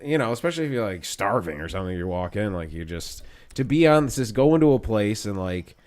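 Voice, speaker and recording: Low-voiced profane male podcast host. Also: sing-song, brisk, a little mellow. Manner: profane, rambling, acts out quoted voices. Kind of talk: casual chat.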